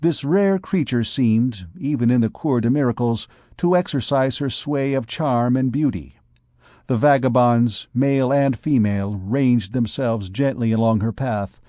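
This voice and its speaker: A man reading a classic novel aloud as an audiobook narrator, measured and deliberate. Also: mid-range voice, mellow, dry recording, studio quality. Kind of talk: scripted narration.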